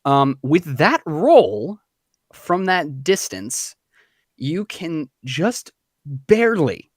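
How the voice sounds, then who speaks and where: A man's voice: fairly high pitch, big pitch swings, drawn-out words, no room sound, studio quality. A man narrating as game master in a tabletop game, loose and full of fillers.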